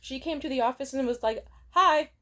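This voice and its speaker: A woman in her twenties telling personal stories in a casual vlog, blunt and profane, with lively swings in pitch and loudness. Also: quick pace. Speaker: vlogger. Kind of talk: casual storytime monologue.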